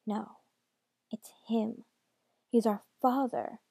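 A woman voicing a young prince who answers hesitantly and quietly. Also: fairly high pitch, fairly even intonation, slow, vocal fry, husky, no room sound, heavily acted. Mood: denying. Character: young prince, confused and reluctant.

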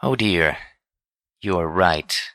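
A man reading a storybook voices a refined, proud unicorn mare who speaks in a prim, measured way. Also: deep voice, animated, sharp tone, dry recording, exaggerated voice. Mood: dismayed.

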